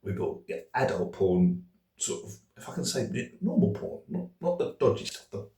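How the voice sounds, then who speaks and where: A man's voice: fairly low pitch, sing-song, normal speed, mellow. A middle-aged man telling a comic story in a rambling, self-deprecating way, with many hesitations. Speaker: speaker. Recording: distant, echoey room.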